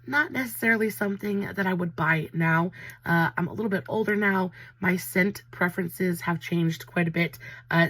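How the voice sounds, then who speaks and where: A woman's voice: lowish voice, a bit bright, husky, dry recording. A woman, chatting casually and emotionally through a product review. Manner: chatty, emotional, says y'all a lot. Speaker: beauty vlogger.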